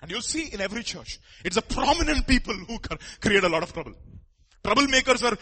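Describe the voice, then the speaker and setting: High, husky-voiced male preacher. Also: sing-song, quick pace, bright, forceful tone. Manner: emphatic, with rhetorical questions and asides; joking with the congregation. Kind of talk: sermon.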